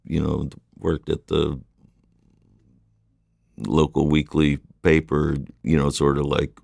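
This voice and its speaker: Middle-aged guy, deep gravelly voice, laid back and rambly, hard-to-place accent, guitar in the background. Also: completely flat delivery, slow, darkish tone, dry recording, studio quality. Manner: rambling, laid-back, lots of "you know". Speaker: musician guest. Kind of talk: casual interview chat.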